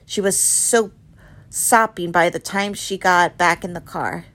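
A woman reading a novel aloud, with dramatic storytelling that turns soft and hushed in quiet passages. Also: lowish voice, fairly even intonation, a little slow. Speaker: reader.

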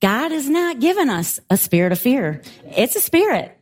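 A woman with a fairly high voice preaches to her congregation. She is middle-aged and tells her stories in an animated way, laughing along as she goes. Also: moderate pace. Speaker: pastor. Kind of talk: sermon.

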